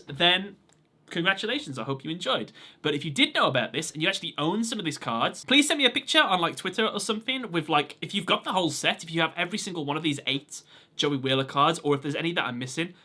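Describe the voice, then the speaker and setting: A man's voice: on the high side, pushed and bright. A man hosting a casual video, reading things out with enthusiasm and laughing often. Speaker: video host.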